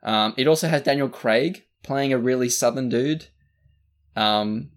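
A man's voice: medium pitch, unhurried. Rambling Australian man reviewing films. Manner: rambling, many fillers and restarts. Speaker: podcast co-host. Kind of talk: casual movie review chat.

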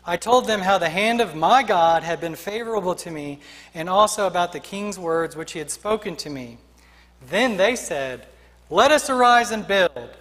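A pastor preaches a sermon in a voice that sits high and has a fairly bright tone, speaking at normal speed. He's emphatic and rhythmic, building his points with repeated refrains, and the recording has a long reverb tail.

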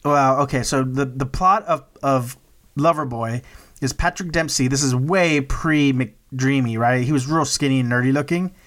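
A man's voice: medium pitch, moderate pace, fairly bright tone. Joking, rambling male podcast co-host. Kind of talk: casual podcast chat.

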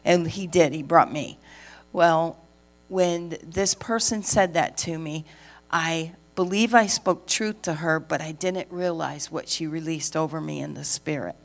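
A middle-aged woman, a pastor's wife and preacher, tells a story from the pulpit in a lively way, acting out the dialogue. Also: sits low, a little slow, gravelly. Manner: lively storyteller who acts out the dialogue and laughs. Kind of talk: sermon testimony.

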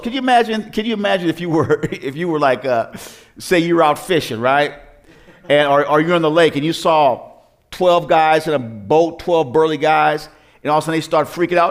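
A man's voice: fairly high pitch, normal speed. A male pastor delivers a sermon in a slightly raised voice, retelling the story as if chatting with the congregation. He tosses out rhetorical questions, stumbles and restarts, and keeps the tone loose and conversational.

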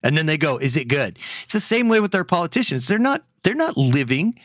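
A man's voice: sits high, sing-song, quick pace, fairly bright tone, no room sound, clean studio sound. A man co-hosting a podcast, ranting heatedly in casual chat with frequent fillers. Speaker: podcast co-host.

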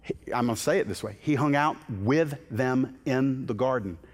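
Preaching as a guest in a church sanctuary, a man with a medium-pitched voice speaks at a moderate pace, impassioned and building to emphatic peaks while often restarting his words. The sanctuary gives the recording a long hall reverb.

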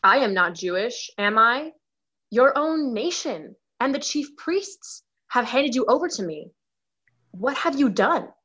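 A woman's voice: a little high, very animated, measured pace, a bit bright, breathy edge, heavily acted. Pilate, a stern Roman governor, read by a woman. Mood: questioning. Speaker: reader in a dramatized scripture reading. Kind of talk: dramatized scripture reading.

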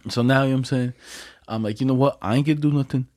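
Laid-back young man with a dark voice. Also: mid-range voice, fairly even intonation, racing. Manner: slangy storytelling, laughs often. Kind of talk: casual chat.

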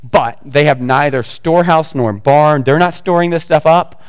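A male pastor preaches in a loose, conversational way and throws teasing asides to his congregation. His voice sits high for a man. The sound carries a long, hall-like reverb. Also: moderate pace, smooth. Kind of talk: sermon.

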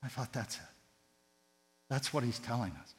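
A man preaching a sermon with passion, his voice surging loud on key words and then dropping to a hush. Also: mid-range voice, lively intonation, moderate pace. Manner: impassioned, swinging between loud emphatic rises and hushed tender drops. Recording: long hall reverb with mains hum.

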